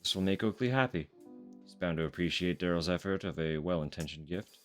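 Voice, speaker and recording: A man's voice: deep voice, brisk, soft background music. A man streaming a game, talking casually, swearing and laughing easily. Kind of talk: casual gameplay commentary.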